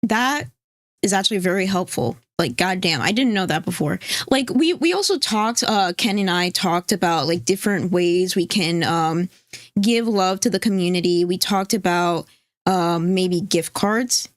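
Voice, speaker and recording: A woman's voice: lowish voice, animated, normal speed, no echo, studio quality. Rambling woman chatting on a livestream. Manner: rambling, reads chat aloud, swears casually. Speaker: stream co-host. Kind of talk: casual livestream chat.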